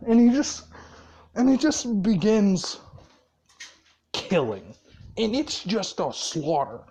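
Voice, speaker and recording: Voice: medium pitch, sing-song, slow pace, pauses often, dark tone. A storyteller telling a fan-made story in a rambling, profane, casual way, with lots of fillers and frequent laughs.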